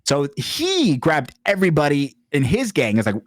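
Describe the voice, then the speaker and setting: A man's voice: fairly high pitch, huge pitch swings, normal speed, no room sound, clean studio sound. A man co-hosting a casual podcast, telling a rambling, absurd comedic story and slipping into voices for its characters. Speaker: podcast co-host.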